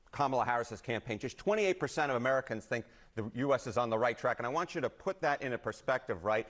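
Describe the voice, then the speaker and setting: A man's voice: mid-range voice, fairly bright tone. A man analyzing poll numbers on a news broadcast, explaining step by step and checking in with "right?". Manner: explanatory, tags points with "right?".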